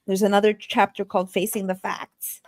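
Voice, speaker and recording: A woman's voice: medium pitch, little pitch movement, fairly quick, no room sound, clean studio sound. A woman hosting a podcast interview, talking in a chatty, loose way with frequent restarts. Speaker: podcast host. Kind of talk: casual interview chat.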